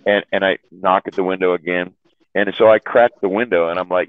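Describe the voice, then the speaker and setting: A man's voice: deep voice, steady tone, fairly quick, no echo. A man casually telling a rambling, profane story to friends on a call, repeating his words and laughing at his own tales. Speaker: chat room host telling stories. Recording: tinny phone-line sound.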